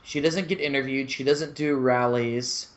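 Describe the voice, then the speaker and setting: A man's voice: mid-range voice, fairly even intonation, normal speed. A man appearing as a guest correspondent on a podcast, making offhand, mocking jokes in casual banter.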